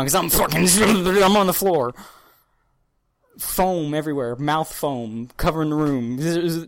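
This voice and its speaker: A woman with a notably low voice holds the floor in a casual podcast chat, excitable and profane as she tells a story. She keeps breaking into little acted-out voices. The sound is dry and close to the mic. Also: dry recording. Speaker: podcast co-host.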